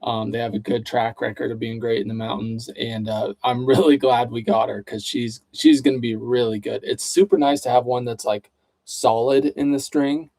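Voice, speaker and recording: A man's voice: mid-range voice, steady tone, normal speed, dark tone, no room sound. Easygoing man chatting on a livestream. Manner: easygoing, reads viewer questions aloud. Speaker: co-host. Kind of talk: casual livestream chat.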